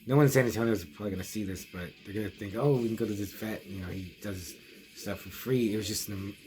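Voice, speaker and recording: A man's voice: fairly low pitch, fast, warm tone. A middle-aged man casually telling a long story for his horror review vlog, rambling with many restarts and quoted asides. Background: music.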